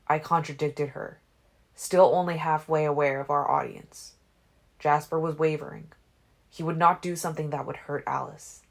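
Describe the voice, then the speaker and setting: A woman reading a fan-made audiobook in a measured, quiet storytelling manner. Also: low-pitched, steady tone, vocal fry. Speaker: audiobook reader.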